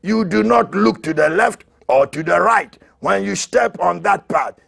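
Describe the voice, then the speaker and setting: A man preaching a fiery sermon as an apostle, who shouts, repeats his lines and laughs between them. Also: high voice, expressive, measured pace, vocal fry, hardly any pauses, husky.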